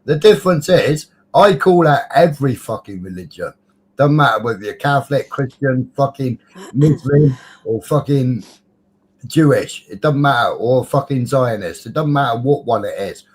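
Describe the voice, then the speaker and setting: Husky, sweary ranting man. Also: medium pitch, expressive, moderate pace. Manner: sweary, ranting, hesitant with fillers. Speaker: live-stream panel chatter. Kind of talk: casual ranting chat.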